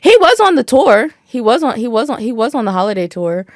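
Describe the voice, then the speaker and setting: A woman's voice: on the high side, sing-song, fairly quick, dry recording. A woman co-hosting a podcast in casual wrestling chat. She talks in a dry, teasing, matter-of-fact way. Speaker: podcast co-host.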